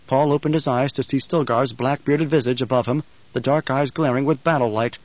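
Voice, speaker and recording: A man narrating an audiobook in a steady, deliberate way. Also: mid-range voice, dry recording, lo-fi sound. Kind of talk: scripted narration.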